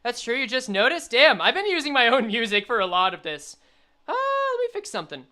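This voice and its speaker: A young woman streaming a game, chatting and reading the story aloud, animated and quick to laugh. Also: fairly high pitch.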